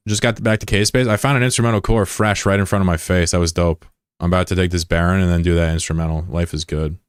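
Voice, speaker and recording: A man's voice: low-pitched, fairly even intonation, fast talker, clean tone, dry recording, studio quality. A man streaming a game in loose, joking chat, greeting and teasing viewers in slang. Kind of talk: casual live-stream chat, reading viewer messages.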